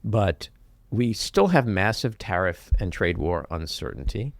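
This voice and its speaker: A man hosting an interview, asking his questions with wry disbelief. His voice is gravelly and swings widely in pitch. The sound is dry and close. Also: big pitch swings, measured pace, dry recording. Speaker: podcast host. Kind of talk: conversational interview.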